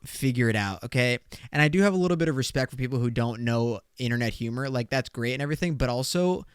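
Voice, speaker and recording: A man's voice: medium pitch, smooth, dry recording, clean studio sound. A young man hosting a casual solo podcast, talking in a loose, slangy way and swearing as he jokes. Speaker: podcast host.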